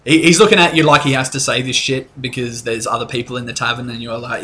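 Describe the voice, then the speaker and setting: A man's voice: medium pitch, fairly even intonation, a little fast, hardly any pauses, a bit bright, a little hiss or hum. A young man narrating as game master of a tabletop game, rambling and casual with many fillers.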